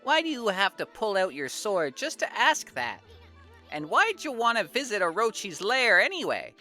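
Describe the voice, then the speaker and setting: A woman voicing a tiny, hot-tempered male artist, reading game lines loud, mocking and indignant. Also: mid-range voice, big pitch swings, moderate pace, faint music behind. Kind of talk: reading game dialogue aloud on stream.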